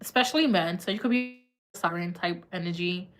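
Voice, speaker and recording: A woman's voice: fairly low pitch, brisk, a bit bright. A woman doing a live tarot reading in a chatty, laughing, slangy way. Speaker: tarot reader.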